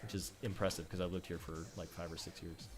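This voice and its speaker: A man with a fairly low voice streams a game and chats casually. He tells his stories in an animated way and keeps breaking into laughter. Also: quick pace, over music. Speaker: streamer playing games. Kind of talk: casual chat while gaming.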